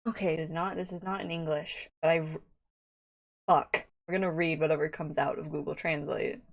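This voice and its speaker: A young woman giving excitable reaction commentary as a YouTuber, giddy and rambling, often squealing and laughing. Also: deep voice, normal speed, creaky. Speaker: YouTuber reacting to fan videos.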